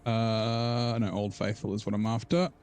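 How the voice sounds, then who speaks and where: A man's voice: on the low side, level tone, moderate pace, darkish tone, a little hiss or hum. A man casually chatting to his stream while playing a game at home, rambling and thinking aloud. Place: room at home.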